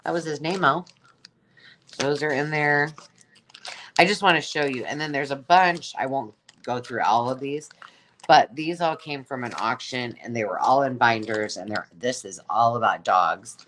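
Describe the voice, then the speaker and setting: A woman with a rumbling low voice and a fairly bright tone hosts a casual live sale of craft supplies at a normal pace. She chats in a rambling way, exclaiming over each item she pulls out, with a little hiss or hum in the background.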